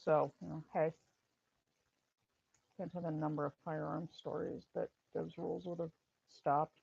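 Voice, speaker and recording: A middle-aged woman, a former paramedic and firearms instructor, hosting a casual live stream, telling stories with animated repetition and answering chat. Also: low voice, unhurried, vocal fry, husky, dull audio. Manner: animated storytelling, repeats phrases, answers chat.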